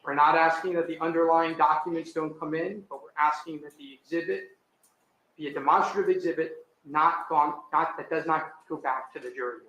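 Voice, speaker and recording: A man's voice: fairly high pitch, steady tone, brisk, sharp tone. A man arguing as an attorney before a judge, firm and citing case law, in a courtroom. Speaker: defense attorney. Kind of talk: courtroom argument. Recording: echoey courtroom audio.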